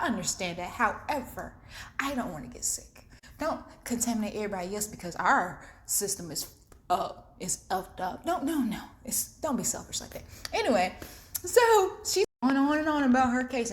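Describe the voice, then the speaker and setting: A young adult woman telling a story in a casual vlog while driving home in her car, animated, acting out what people said and laughing often. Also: mid-range voice. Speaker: vlogger.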